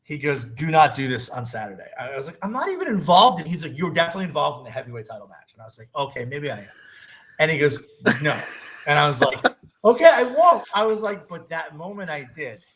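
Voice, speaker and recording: A man in a casual interview, spinning a story with plenty of energy and frequent laughter. His voice sits a bit higher than most men's, and he keeps a loose, chatty flow. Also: fast, low-quality recording. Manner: animated, laughs often mid-story. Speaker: guest wrestler.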